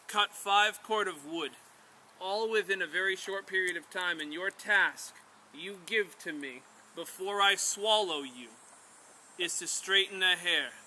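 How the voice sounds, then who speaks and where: A man booming as a giant hungry demon servant. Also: slight background noise, exaggerated voice. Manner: booming and forceful, demanding tasks. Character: huge tireless male demon servant, eager, menacing. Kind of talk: storytelling around camp.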